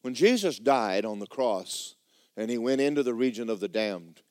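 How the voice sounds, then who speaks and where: A man's voice: medium pitch, expressive, moderate pace, a little mellow. A man preaching a sermon in a church, telling stories in a folksy way and reading scripture aloud with rising drama. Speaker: pastor.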